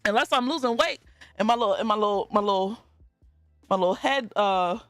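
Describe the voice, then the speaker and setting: A woman's voice: mid-range voice, brisk, no echo, soft background music. A woman streaming live and reading chat messages aloud, talking in a casual way and laughing often.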